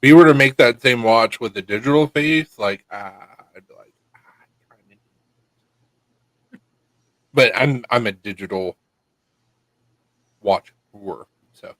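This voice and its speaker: A man's voice: mid-range voice, measured pace, fairly bright tone, dry recording, poor audio. A man telling stories in a casual podcast chat, swearing and laughing often. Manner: laid-back storyteller, swears, laughs often. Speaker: podcast co-host.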